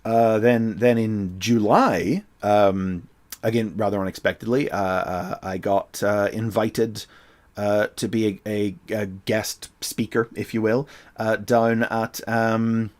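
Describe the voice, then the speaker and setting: A man's voice: on the low side, fairly even intonation, slow pace. A man with a Northern Irish accent hosting a casual livestream, talking hesitantly with many fillers and restarts. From Northern Ireland. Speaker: livestream host.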